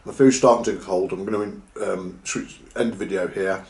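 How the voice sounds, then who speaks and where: Guy talking between bites, real deep voice, roomy echo. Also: fairly even intonation, normal speed, a little mellow. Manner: chatting while eating, mouth full. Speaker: vlogger. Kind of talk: mukbang chat. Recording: echoey room.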